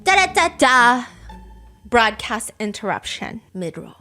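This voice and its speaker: A young woman hosting a casual storytime podcast, telling a story with lively acted-out quotes. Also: fairly high pitch, unhurried, faint music behind. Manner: animated storyteller, acts out quotes. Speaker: host.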